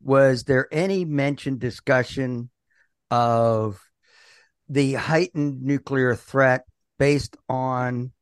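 A male host asks his questions slowly and deliberately. He stumbles and repeats words at the start of a thought. The recording is dry and close, with no room sound. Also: mid-range voice, steady tone, clean tone, no room sound. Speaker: interviewer, host. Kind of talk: conversational interview.

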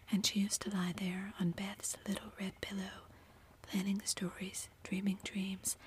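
Woman whispering a story, flat and even. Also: mid-range voice, slight background noise. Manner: unvoiced whisper, measured. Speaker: reader. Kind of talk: whispered role-play.

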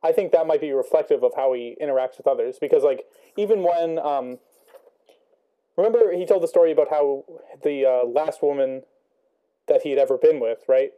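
A man's voice: on the high side, a little fast, dull audio. A young man talking through a book chapter casually, thinking aloud with many ums and rhetorical questions. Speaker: student discussing a book.

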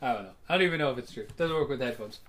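A man's voice: mid-range voice, expressive, very fast, fairly bright tone, slight background noise. A man co-hosting a casual comedy podcast, rambling with lots of fillers and giggles. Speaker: podcast co-host.

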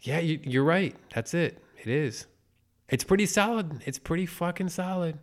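A man's voice: fairly high pitch, normal speed. A man co-hosting a podcast, chatting casually and animatedly about movies, swearing and laughing often. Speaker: podcast co-host. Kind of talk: casual chat.

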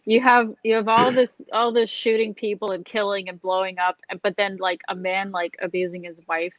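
A woman's voice: mid-range voice, level tone, moderate pace, dry recording, lo-fi sound. A woman co-hosting a film review podcast, talking casually with frequent fillers and laughs. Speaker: podcast co-host.

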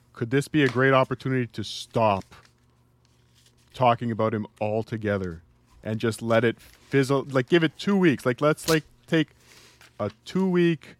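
A man appearing as a guest on a casual podcast, talking quickly as he pitches an idea to the hosts.

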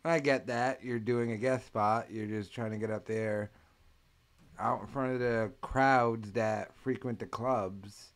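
A man's voice: on the low side, fairly even intonation, slow pace. A male podcast host in casual chat, explaining the story emphatically for listeners.

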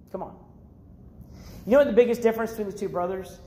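Male youth preacher, very high voice, animated and casual, echoey church hall. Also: a little fast, long pauses. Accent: American. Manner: animated, acts out the characters' lines, casual slang. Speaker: youth pastor. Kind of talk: sermon.

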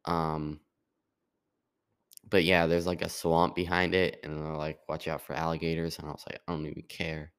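A man's voice: very deep voice, monotone, moderate pace, fairly bright tone, clean tone. A young man talking in a casual, rambling monologue, full of restarts and fillers. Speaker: podcast host.

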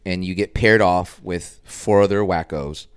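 A man, a guest artist on a podcast, telling stories in a casual, animated and profane way and acting out the voices of people he quotes. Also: low-pitched, a little slow, clear, resonant tone, dry recording, studio quality.

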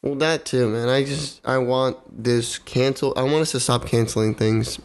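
A man's voice: mid-range voice, fairly even intonation, normal speed. A young man in a casual podcast chat, talking heatedly, swearing and repeating himself for emphasis.

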